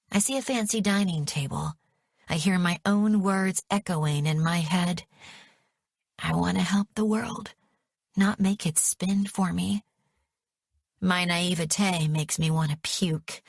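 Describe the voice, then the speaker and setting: Woman narrator, first-person audiobook, unhurried, lower voice. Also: no echo, studio quality. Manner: measured, dramatic.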